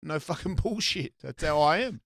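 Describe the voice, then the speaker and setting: A man's voice: fairly high pitch, animated, normal speed, vocal fry, a bit bright. A middle-aged Australian man hosting a casual chat, swearing freely and rambling through restarts. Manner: rambling, profane, lots of restarts. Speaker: host.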